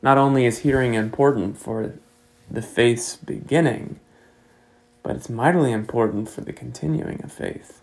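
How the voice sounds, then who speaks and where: A man preaching a sermon as pastor, measured and earnest, pressing rhetorical questions. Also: medium pitch, gravelly, poor audio.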